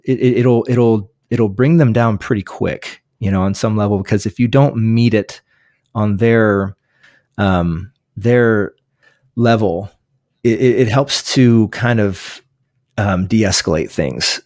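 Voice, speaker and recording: Low-voiced man, rambling book chat. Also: slow, darkish tone, no echo, clean studio sound. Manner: rambling, many restarts and fillers. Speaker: pastor, podcast guest. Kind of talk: casual book discussion.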